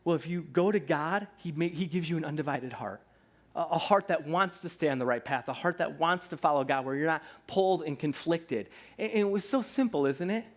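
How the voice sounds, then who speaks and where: A man, likely in his thirties, preaching a sermon in a church in a relaxed, conversational way, often checking in with "right?" and slipping into playful voices. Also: on the high side, a little fast. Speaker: pastor. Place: church sanctuary.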